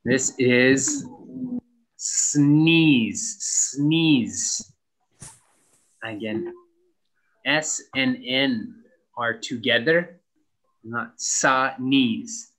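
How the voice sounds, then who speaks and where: Slow, patient male English teacher. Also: medium pitch, a bit bright. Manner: spells words out letter by letter and repeats words for practice. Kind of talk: slow, clear classroom instruction.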